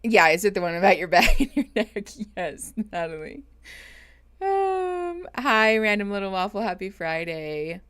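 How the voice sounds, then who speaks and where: A woman's voice: mid-range voice, big pitch swings, a little slow, fairly bright tone. A woman therapist chatting casually on a live stream, greeting viewers and laughing often. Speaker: therapist streaming reaction show.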